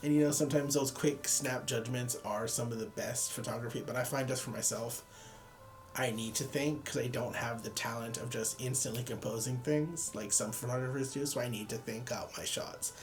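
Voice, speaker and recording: A man's voice: mid-range voice, steady tone, normal speed, faint music behind. Sleepy, rambling young man. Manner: rambling, self-deprecating, laughs at own jokes. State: tired, yawning. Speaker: photography vlogger. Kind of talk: casual chat.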